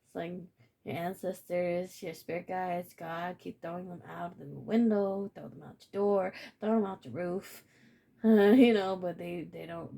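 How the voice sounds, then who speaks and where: A woman's voice: lowish voice, fairly even intonation, normal speed, gravelly, warm tone. A woman giving a casual spiritual reading to camera, blunt and profane, repeating phrases and laughing often. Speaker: tarot reader.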